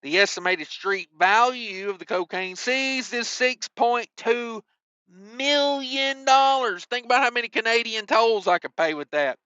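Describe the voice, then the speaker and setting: A man with a high voice hosts a trucking news show, reading stories and breaking off for wisecracking asides with some mild cussing. He speaks at a normal speed with few pauses and a sharp tone. The recording is dry and muffled.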